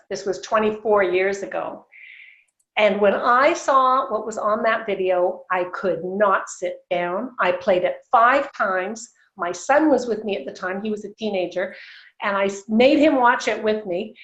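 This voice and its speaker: Casting note: woman in her 60s, animated storyteller on a video call, echoey and slightly muffled. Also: mid-range voice. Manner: animated, laughs often, acts out quoted dialogue. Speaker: guest.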